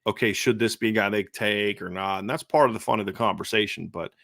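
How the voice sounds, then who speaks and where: A man's voice: lowish voice, quick pace, vocal fry, a bit bright, no echo, studio quality. A man co-hosting a casual sports talk show, conversational and prone to repeating words as he starts a thought. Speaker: co-host.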